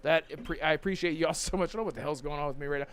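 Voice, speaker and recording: A man's voice: on the high side, rapid-fire, a little hiss or hum. A man hosting a casual live gaming podcast, laughing often and tripping over his words. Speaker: podcast host. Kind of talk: casual live-stream chat.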